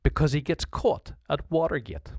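A man's voice: fairly high pitch, lively intonation, normal speed, darkish tone, breathy edge, dry recording. Man explaining history, dry recording. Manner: conversational, restarts often, acts out quoted leaders. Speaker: history teacher.

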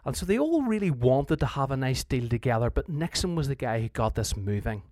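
The man teaching history here sounds very animated, with a medium pitch, darkish tone and fairly quick pace. The clean studio sound has no echo. He talks through the past conversationally, often starting sentences over and performing leaders' words.

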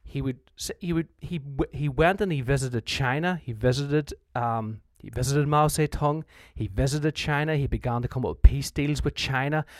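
A man's voice: mid-range voice, moderate pace, hardly any pauses, dry recording. Man explaining history, dry recording. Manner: conversational, restarts often, acts out quoted leaders. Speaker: history teacher.

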